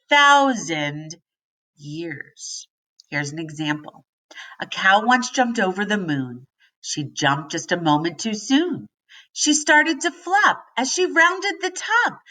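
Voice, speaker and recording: A woman teacher reading a children's book aloud to young students and asking the class questions in a gentle, sing-song way. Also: lowish voice. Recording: distant mic.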